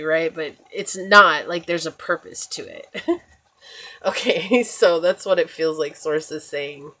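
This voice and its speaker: This is a woman's own voice, sitting slightly low for a woman, as she talks through a spiritual tarot reading. She rambles comfortably from thought to thought and keeps checking in with her listeners. Her tone stays reassuring and easygoing throughout. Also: sharp tone. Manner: chatty and meandering, often checking in with "right?". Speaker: tarot reader.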